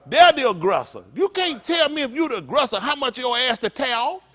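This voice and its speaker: Preaching a fiery sermon in street talk, a male pastor speaks a little fast in an extremely high, sing-song, fairly bright voice. He pelts his congregation with blunt, profane rhetorical questions broken up by joking asides.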